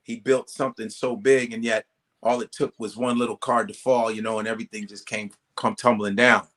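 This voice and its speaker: A male comedian telling stories as a guest in a casual interview, animated and profane, acting out quoted voices. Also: on the low side, a little fast.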